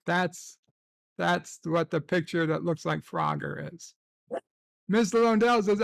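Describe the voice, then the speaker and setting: A man's voice: high-pitched, slow pace, vocal fry, long pauses, fairly bright tone, no room sound. A man hosting a casual livestream chat, reading off the day's holidays and chat messages with crude, sarcastic asides. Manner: crude, sarcastic, profane rants. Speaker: livestream host.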